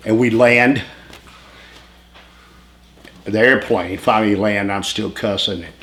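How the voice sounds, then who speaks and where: A man's voice: fairly low pitch, fairly even intonation, unhurried, long pauses, a bit bright, slight background noise. A man telling wild stories in a casual interview, laughing often, swearing freely and jumping between tangents. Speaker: retired pro wrestler telling stories.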